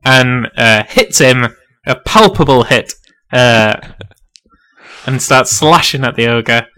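A man's voice: mid-range voice, takes it slowly, sharp tone, clean tone. A man narrating a tabletop role-playing game as game master, casual and full of fillers, laughing often.

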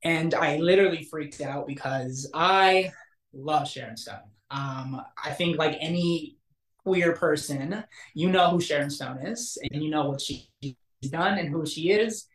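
A young man, an actor, telling a story in a casual interview, animated and acting out the quotes. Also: measured pace. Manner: animated, acts out quotes with big pitch jumps. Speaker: actor guest. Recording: roomy echo.

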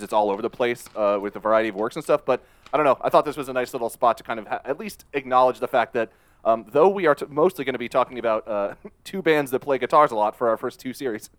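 A man's voice: mid-range voice, quick pace, no room sound. A man co-hosting a music podcast, chatting casually and hesitantly with lots of fillers. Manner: laid-back, hesitant with many fillers. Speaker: podcast co-host. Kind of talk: casual chat.

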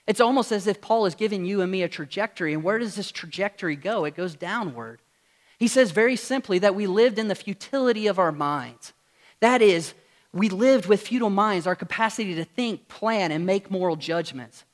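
A man's voice: high voice, animated, fairly quick. A pastor preaching a sermon to his congregation in a church, earnest and full of rhetorical questions. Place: church sanctuary with screen.

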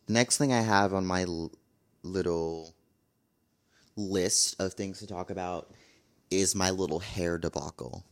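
A man's voice: low voice, unhurried, long pauses. A young man talking casually to camera in a vlog, blunt and exasperated, repeating his complaints. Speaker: vlogger.

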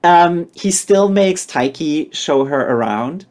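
A podcast co-host recapping a chapter in casual chat, animated and acting out characters in quick voices. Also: mid-range voice.

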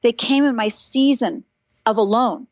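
Middle-aged woman chatting as a podcast guest, kinda high voice, animated and encouraging, dry close mic. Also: unhurried, no room sound, dull audio. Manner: animated storytelling, earnest and encouraging. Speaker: podcast guest, author and speaker. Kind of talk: casual chat.

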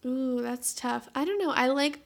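A young woman from New York City co-hosting a podcast, chatting quickly and eagerly about her own habits and trips. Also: high voice, gravelly. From New York City, USA. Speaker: podcast co-host. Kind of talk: casual chat.

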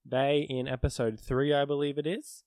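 Young man, deadpan, casual podcast chat, dry close mic. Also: mid-range voice, moderate pace, dry recording. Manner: explains and corrects, wry and deadpan. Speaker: podcast co-host.

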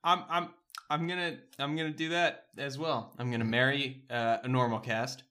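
A man's voice: mid-range voice, little pitch movement, moderate pace, pushed and bright. A man co-hosting a podcast, joking in a laid-back, musing way. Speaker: podcast co-host. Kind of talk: casual podcast chat.

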